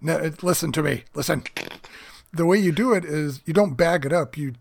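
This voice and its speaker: A man co-hosting a hobby podcast, chatting in an easygoing, wry way with a gravelly, husky voice. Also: on the high side, normal speed. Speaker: podcast co-host. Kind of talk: casual chat.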